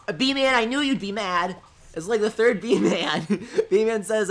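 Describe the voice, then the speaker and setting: Animated young man streaming, joking sarcastically. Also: high-pitched, measured pace. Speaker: livestream host. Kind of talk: live stream chat, reading viewer comments.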